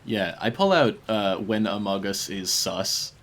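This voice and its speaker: A man's voice: fairly low pitch, lively intonation, a little slow, fairly bright tone. A man chatting casually on a game stream, rambling between puzzles and laughing often. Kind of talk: casual gaming stream chat.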